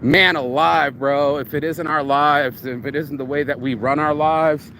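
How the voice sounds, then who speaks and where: A man vlogging a casual, rambling monologue, reflective and often profane as he thinks out loud. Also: fairly high pitch, steady tone, a little slow, a little hiss or hum.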